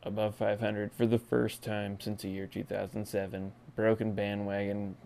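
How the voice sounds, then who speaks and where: A man in his thirties doing a comedic sports rant as a podcast segment host, swinging between shouts and hushed lines. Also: lowish voice, level tone, moderate pace, vocal fry, slight background noise. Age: 30s.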